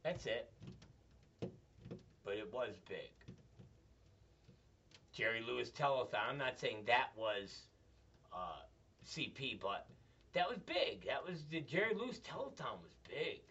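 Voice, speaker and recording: A man's voice: mid-range voice, big pitch swings, a little slow, long pauses, bright, forceful tone, husky. A man hosting a show, telling crude, profane, rambling comedic stories. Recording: dull, slightly distant mic.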